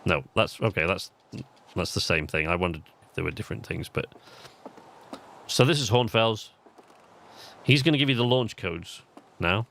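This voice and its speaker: A man's voice: deep voice, moderate pace, creaky, pauses often, fairly bright tone. A man streaming a video game live, chatting eagerly to his viewers, with plenty of fillers. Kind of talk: gaming livestream commentary.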